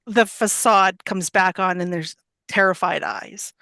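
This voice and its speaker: A woman's voice: medium pitch, steady tone, measured pace, bright, forceful tone, no echo. A woman playing a tabletop role-playing game, narrating in a hesitant way and laughing often. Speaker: player.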